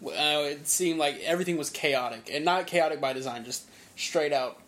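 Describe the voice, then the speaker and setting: A man's voice: fairly high pitch, moderate pace, a bit bright. A young man co-hosting a casual conversation, agreeable and often restarting his sentences. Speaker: podcast co-host. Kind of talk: casual chat.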